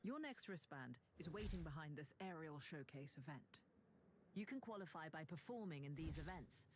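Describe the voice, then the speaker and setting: A woman voicing a game's guide character with crisp, upbeat instructions. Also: low-pitched, expressive, moderate pace, a little hiss or hum. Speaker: in-game guide voice. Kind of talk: scripted game announcements.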